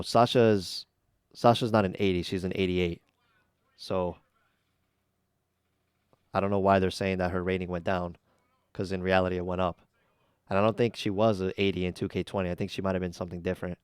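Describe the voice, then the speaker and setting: A man's voice: low-pitched, flat delivery, moderate pace, pauses often, clear, resonant tone, no echo, studio quality. A man hosting a casual reaction video, giving blunt, chatty opinions with plenty of ums and uhs. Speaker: YouTube reaction host.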